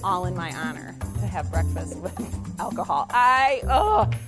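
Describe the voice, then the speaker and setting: A woman teacher telling a personal story in a lively, self-mocking way. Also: fairly low pitch, unhurried, over music.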